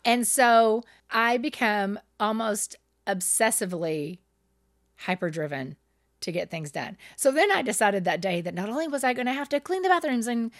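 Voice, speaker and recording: A middle-aged woman co-hosting a podcast, telling personal stories candidly, animated and self-deprecating, often laughing at herself. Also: on the high side, normal speed. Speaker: podcast co-host. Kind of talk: candid conversational storytelling.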